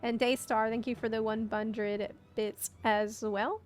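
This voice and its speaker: Chatty woman streamer with a higher voice. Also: level tone, measured pace. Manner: chatty, thanks viewers between game scenes. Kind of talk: casual live-stream chat.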